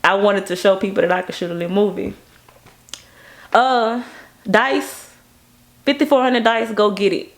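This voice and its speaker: A woman from Baton Rouge speaks with a gravelly, fry-tinged edge in her voice. She tells stories in a casual interview as a music video director, with animated energy. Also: moderate pace, pauses often. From Baton Rouge, Louisiana. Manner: animated, acts out quoted people in a higher voice.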